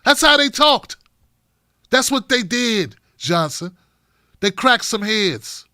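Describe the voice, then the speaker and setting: A man's voice: very high voice, animated, slow pace, sharp tone, smooth, dry recording, studio quality. A middle-aged man hosting a live-streamed talk show, reading chat by name and ranting in a blunt, profane way.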